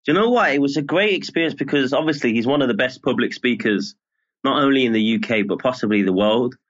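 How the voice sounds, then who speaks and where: A man with a Birmingham accent speaks as an interview guest, calm and measured. His voice sits at a middling pitch. The audio is muffled and lo-fi. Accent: Birmingham English. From Birmingham, England. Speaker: journalist guest. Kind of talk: casual interview.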